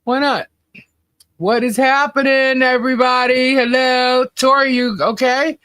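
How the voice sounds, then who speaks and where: A woman's voice: high voice, steady tone, a little slow, fairly bright tone, no room sound. A woman co-hosting a livestream in casual chat, laughing often and greeting viewers by name. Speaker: livestream co-host.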